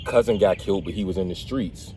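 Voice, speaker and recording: A man hosts a relaxed conversation with a slightly low voice. He tells stories in an animated way and pokes fun at himself. Faint background noise sits under the talk. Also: fast. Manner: animated storyteller, laughs at himself. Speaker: host. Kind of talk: casual conversation.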